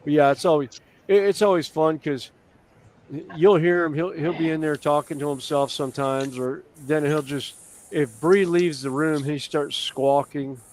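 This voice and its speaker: A man's voice: on the high side, steady tone, moderate pace, darkish tone, a little hiss or hum. A man chatting casually as a live stream host, telling rambling stories full of fillers and restarts. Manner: rambling, filler-heavy storytelling. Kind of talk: casual chat.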